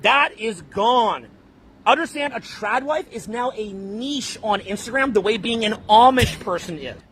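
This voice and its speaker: A man's voice: high voice, expressive, unhurried, a bit bright, a little hiss or hum. A man from Canada giving dating advice in a brash, blunt lecture style, calling his listeners bro. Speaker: dating coach.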